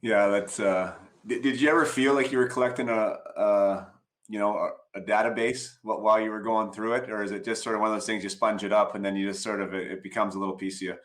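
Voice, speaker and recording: Male podcast host; lowish pitch, halting interview questions, echoey room. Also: steady tone. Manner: halting, searching for words.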